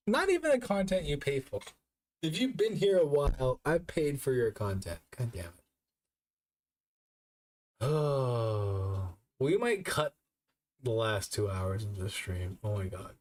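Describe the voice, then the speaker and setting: A man's voice: mid-range voice, big pitch swings, a little slow, darkish tone. A man streaming as a VTuber, drunk and hiccuping, talking in a rambling, profane, self-mocking way. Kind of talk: casual live-stream chat.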